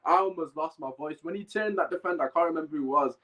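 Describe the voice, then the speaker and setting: With background noise in the mix, a fan podcast host speaks fast in a slightly high voice. He is heated and emphatic, going over his points again and again, and has a bad cough during the live rant and chat.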